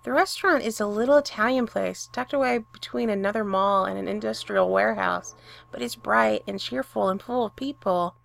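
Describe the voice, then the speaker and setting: A woman narrating a romantic story aloud, expressive and unhurried. Her voice is full of deep vocal fry, with a mid-range pitch. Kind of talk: reading fan fiction aloud.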